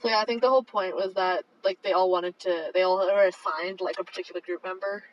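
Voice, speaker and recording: Casual co-host, male, high pitch, earnest explainer; dull lo-fi sound. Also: fairly even intonation, quick pace. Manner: earnest, explains plot with many "like" fillers. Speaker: podcast co-host. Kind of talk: casual movie discussion. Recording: muffled, distant from mic.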